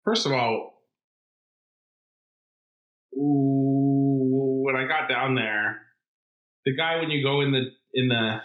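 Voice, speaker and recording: A man's voice: medium pitch, steady tone, slow pace, pauses often, phone-quality sound. A man co-hosting a podcast in casual banter, with dry, absurd jokes. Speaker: podcast co-host. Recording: echoey room.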